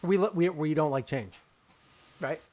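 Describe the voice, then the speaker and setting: A man co-hosting a casual live stream, playful and animated, joking and exclaiming to his partner. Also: fairly high pitch, normal speed, dry recording. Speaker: co-host running the stream.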